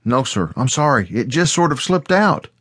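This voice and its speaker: A man's voice: medium pitch, sing-song, moderate pace, fairly bright tone, breathy edge, no echo, studio quality, voice pushed up. A man voicing a meek, apologetic teenage boy answering his father. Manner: meek, apologetic, then strained calling out.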